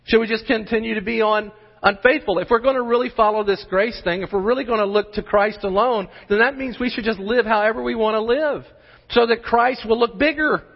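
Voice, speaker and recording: A man's voice: sits high, fairly quick, gravelly. A man preaching a sermon as pastor, emphatic and full of rhetorical questions. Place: church sanctuary. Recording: muffled sermon audio in a large hall.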